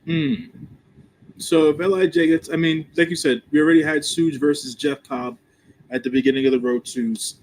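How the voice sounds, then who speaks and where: A man's voice: fairly high pitch, fairly even intonation, moderate pace, slight background noise, rough recording. A man co-hosting a live stream in a laid-back, slangy way, with lots of ums and easy laughter. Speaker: podcast co-host. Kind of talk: casual live-stream chat.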